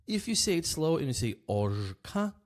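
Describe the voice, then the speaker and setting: A man teaching a language lesson in a relaxed, casual way, repeating example words slowly and often checking in with "right?". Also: a little high.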